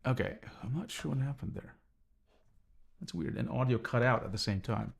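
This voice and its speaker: A man's voice: mid-range voice, lively intonation, normal speed, vocal fry, husky. A man hosting a casual livestream, chatting with viewers in a rambling way full of fillers and restarts. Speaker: livestream host reviewing drawing tablets.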